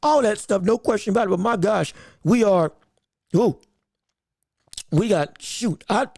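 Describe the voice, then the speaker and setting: A woman's voice: medium pitch, expressive, unhurried, creaky, darkish tone, no echo, studio quality. A woman hosting a live sports podcast, rambling and emphatic, stopping often to greet viewers from the chat. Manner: emphatic and opinionated. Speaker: podcast host. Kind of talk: live-streamed sports commentary.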